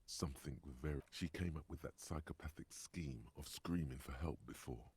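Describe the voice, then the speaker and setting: A grim inner narrator from a video game, with a very low, gravelly voice and a husky, rough edge. He speaks gravely and measuredly, as if warning the listener. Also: normal speed, darkish tone, heavily acted. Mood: ominous. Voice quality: deep and gravelly. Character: brooding adult male inner-voice narrator.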